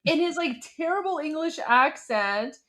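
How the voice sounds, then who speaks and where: A woman from Iran co-hosts a casual live stream, excitable and quick to exclaim. Her voice sits high and swings widely in pitch. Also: a little hiss or hum. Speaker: co-host.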